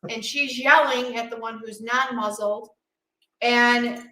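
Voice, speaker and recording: A woman co-hosting a podcast, telling a story in a casual, animated way and acting out quotes. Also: fairly high pitch, slow, roomy sound, poor audio. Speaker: podcast co-host.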